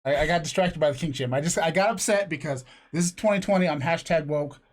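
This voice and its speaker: A man's voice: fairly high pitch, fast talker. A man co-hosting a podcast, rambling through crude jokes in casual chat. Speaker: podcast co-host.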